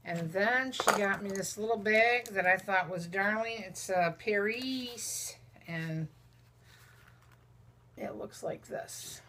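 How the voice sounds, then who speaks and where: In a noisy setting, a woman with a mid-range voice speaks slowly as she opens mail from friends on her vlog. She coos over each small gift, chatting casually with viewers and even talking to the objects themselves.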